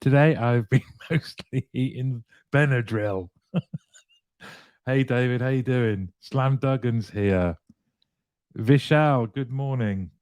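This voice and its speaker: A man's voice: mid-range voice, slow pace, pauses often, darkish tone, dry recording. A man hosting a live online show, chatting casually with viewers, reading out their comments and laughing often. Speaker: livestream show host.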